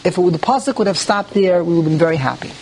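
Animated man teaching a Torah class. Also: high voice, rapid-fire, slight background noise. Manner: reads Hebrew verses aloud, then translates and explains them; animated, with rhetorical questions and mock dialogue.

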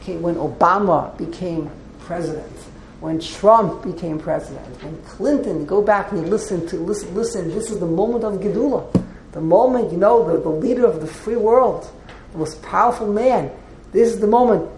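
A woman's voice: on the low side, moderate pace, a little mellow, a little hiss or hum. A woman teaching a text class, explaining as she goes and often repeating and restarting her words. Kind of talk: classroom lecture with questions. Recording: roomy echo.

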